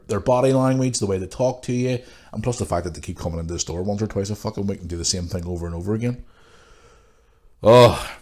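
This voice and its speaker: A man with a fairly low voice rants on his podcast and swears freely. He sounds like he has a cold, and his talk is blunt and casual. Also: darkish tone. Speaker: podcast host. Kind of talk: casual ranting monologue.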